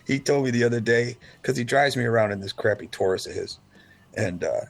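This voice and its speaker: A man's voice: medium pitch, brisk, vocal fry. A man co-hosting a casual podcast chat, telling rambling, profane stories and mimicking the people in them. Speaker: podcast co-host.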